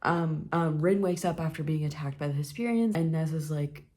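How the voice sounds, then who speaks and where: A woman filming a casual reading vlog, reacting live to a book, jumping between hushed asides and loud, swearing outbursts. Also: deep voice, normal speed. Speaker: book vlogger.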